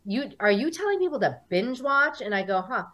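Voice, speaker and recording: A lo-fi recording captures an American woman in her 40s with a higher, brisk voice. A guest in a casual interview, she's an animated storyteller who reenacts what people said to her.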